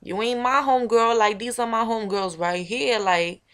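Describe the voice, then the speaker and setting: A woman's voice: fairly high pitch, steady tone, moderate pace, clean tone, pitched above the performer's own voice, lightly acted. A woman putting on a brash streetwise tough girl. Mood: confrontational. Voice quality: slangy, loud and confrontational. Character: brash, hot-tempered streetwise young woman threatening a rival.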